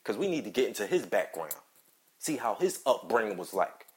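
A man's voice: on the low side, sing-song, brisk. Angry man ranting on his podcast. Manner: heated, profane, repetitive ranting. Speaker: podcast host. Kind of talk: angry solo commentary.

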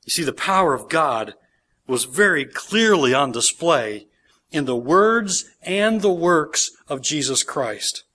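A man's voice: fairly high pitch, sing-song, slow pace, pushed and bright. A man, a pastor, preaching a sermon in church, reading scripture aloud with emphasis and explaining it verse by verse.

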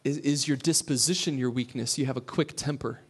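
A pastor giving a sermon. He talks in a conversational way, asks his listeners questions and drops to a hush for emphasis. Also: medium pitch, fairly quick, slightly rough.

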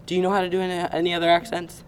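A man's voice: high-pitched, monotone, very fast, slight background noise. A young man co-hosting a casual podcast, chatty and rambling, laughing often. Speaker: podcast co-host. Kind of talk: casual chat.

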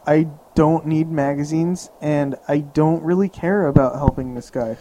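A man's voice: on the high side, steady tone, unhurried, warm tone, poor audio. A young man chatting casually as a podcast co-host, easygoing and talkative. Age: young adult. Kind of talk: casual chat.

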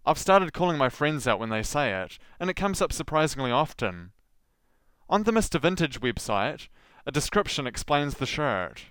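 A man's voice: fairly high pitch, big pitch swings, normal speed, a bit bright, smooth, no echo. Dry sardonic New man. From Southland, New Zealand. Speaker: podcast host. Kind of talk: scripted commentary.

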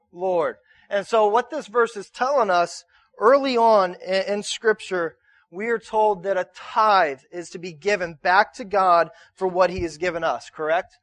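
In an unhurried, high, slightly bright voice, a pastor gives a conversational sermon built on call-and-response questions to his congregation. He often restarts, repeating words as he does.

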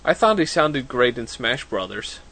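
A man's voice: mid-range voice, big pitch swings, vocal fry, sharp tone. Man cracking crude jokes on a gaming podcast. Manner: quick reactions, crude jokes, gropes for words. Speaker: podcast co-host. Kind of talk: casual gaming chat.

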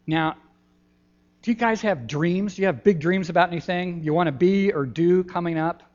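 An older man, a pastor giving a gentle, folksy children's sermon in a church, pausing often with ums. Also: high voice. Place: church sanctuary. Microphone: handheld microphone. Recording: dull lo-fi church recording.

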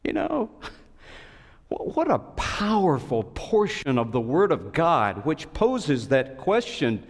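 A man preaching a sermon as a pastor, telling a story with expressive swings and sudden high cries. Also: takes it slowly. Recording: long reverb of a large hall.

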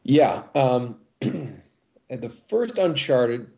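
This middle-aged man, a voice actor appearing as a guest in an interview chat, tells stories animatedly and keeps restarting his sentences. His voice sits at medium pitch and moves extremely slowly, and the recording sounds muffled.

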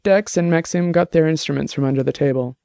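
A man narrating a novel in a steady, even reading voice. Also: a little high, fast, vocal fry, smooth, no echo, clean studio sound.

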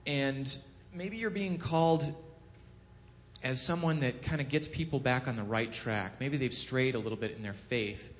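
A man giving a casual sermon, telling a scripture story with lively acted-out quotes and frequent self-corrections. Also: normal speed. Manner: animated storytelling, acts out quotes with rising pitch and volume; self-corrects, chuckles at own jokes. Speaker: preacher. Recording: long hall reverb.

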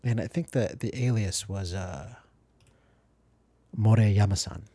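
A man's voice: on the low side, measured pace, warm tone, husky, no room sound. A man co-hosting a casual podcast, laid-back and joking as he introduces tracks. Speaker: podcast co-host. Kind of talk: casual chat.

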